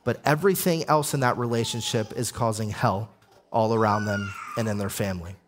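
A man's voice: on the low side, fairly quick. A young adult man, a pastor, preaching an emphatic sermon with repeated phrases and listed points.

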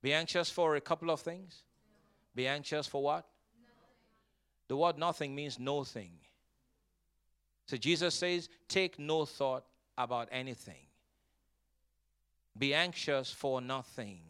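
A man with a slightly high, somewhat bright voice and a clear, resonant tone is preaching as a pastor. He leads the congregation in call-and-response and reads scripture with drawn-out emphasis, stretching it word by word.

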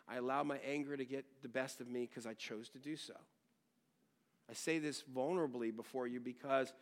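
A middle-aged man preaching a sermon. He swings from loud, emphatic teaching to hushed, personal storytelling, and speaks frankly with many restarts. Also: medium pitch. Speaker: pastor.

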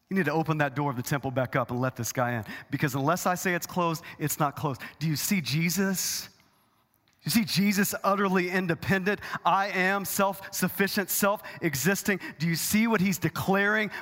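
A male pastor delivers an impassioned sermon in a church auditorium, his fairly high voice climbing for emphasis. The long reverb of the hall trails after each phrase. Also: steady tone, normal speed. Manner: dramatic preacher, swings loud and high for emphasis.

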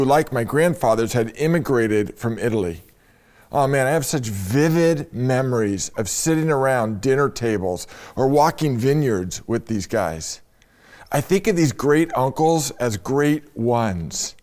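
A middle-aged man, a pastor, preaching a sermon in a conversational way and speaking straight to his listeners. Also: medium pitch. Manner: warm conversational preaching with direct address to listeners.

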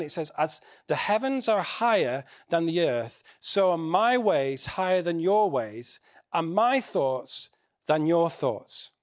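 A man preaching a sermon in a conversational way, asking the congregation questions. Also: high-pitched.

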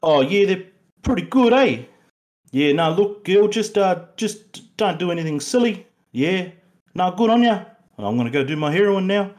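A man putting on a carefree junkie dad with a high, loud, drawling caricature voice. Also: animated, moderate pace. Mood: breezy.

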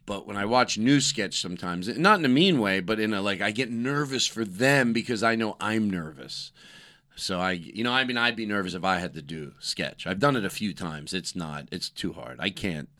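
A man's voice: fairly low pitch, lively intonation, pushed and bright. A man chatting casually on a comedy podcast, riffing and rambling through ideas. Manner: riffing, rambling, quick asides.

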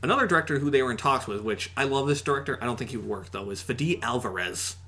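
A man co-hosting a podcast in casual chat, excitable and rambling with lots of fillers. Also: mid-range voice, quick pace. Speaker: podcast co-host.

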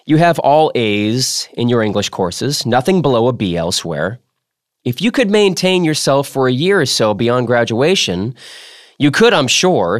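A man reading the part of a dry, gently mocking older male professor in a novel excerpt. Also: medium pitch, no room sound, natural voice.

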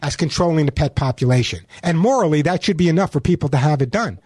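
A man's voice: a little high, animated, quick pace, a little mellow, breathy edge, dry recording, studio quality. Chatty New radio host man. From New York. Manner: chatty, repeats words, emphatic. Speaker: radio pet show host. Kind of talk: call-in radio advice and ad reads.

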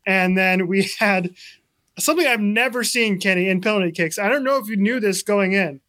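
A man co-hosting a sports talk show, telling a story in a chatty, animated way. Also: high-pitched, normal speed. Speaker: sports radio co-host.

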